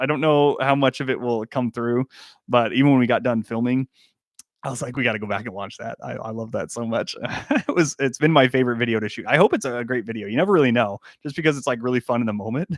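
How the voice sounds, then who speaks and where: A man's voice: mid-range voice, no room sound, clean studio sound. Jokey young man chatting on a livestream. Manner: laughs often, jokey, reacts to chat comments. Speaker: livestream host answering chat. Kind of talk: casual livestream chat.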